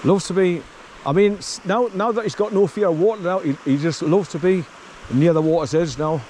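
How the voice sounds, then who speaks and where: A man's voice: high-pitched, a little fast, dark tone, a little hiss or hum, rough recording. A tired man giving a blunt, swearing walking commentary outdoors on an overgrown rural path while calling to his dog. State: tired from wading through bracken. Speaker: vlogger.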